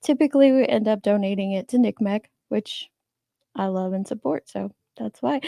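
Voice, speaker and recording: A woman's voice: high-pitched, moderate pace, gravelly, mellow, no room sound, studio quality. A woman hosting a livestream, chatting casually with her viewers, greeting them by name, and sounding a little sleepy. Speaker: livestream host. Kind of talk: casual chat with live chat viewers.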